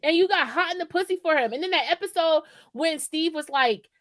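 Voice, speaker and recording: A woman's voice: very high voice, fairly quick, dry recording. A woman co-hosting a podcast in casual, profane chat, rambling and often checking in with "right?". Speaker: podcast co-host.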